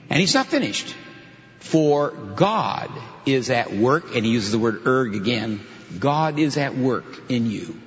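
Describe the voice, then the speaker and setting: A male pastor preaching a sermon, teaching with animated emphasis and lively explanations. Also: medium pitch, slight background noise. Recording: dull audio in a reverberant hall.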